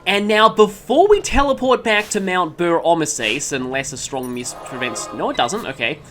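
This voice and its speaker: A man's voice: a little high, lively intonation, moderate pace, fairly bright tone, faint music behind. Chatty man rambling over a game. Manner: rambling, with many ums and mid-sentence self-corrections. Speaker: let's play commentator. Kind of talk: casual gameplay commentary.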